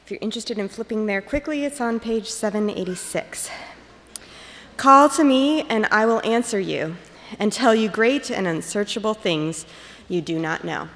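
A woman reads scripture aloud in a formal, measured voice. She sounds a bit distant from the mic, with a long hall reverb trailing her words as if across a church. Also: mid-range voice, fairly bright tone. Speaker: scripture reader. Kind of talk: scripture reading.

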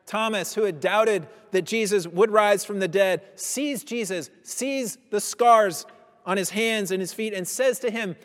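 A man preaching a sermon, teaching in measured phrases and slowing down on key words. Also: high-pitched, a bit bright, in a large hall.

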